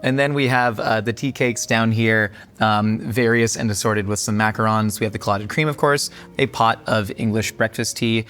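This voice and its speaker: A man's voice: fairly low pitch, steady tone, moderate pace, hardly any pauses, fairly bright tone, clear, resonant tone. A man hosting a food show, presenting dishes in a jokey, upbeat way. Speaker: host.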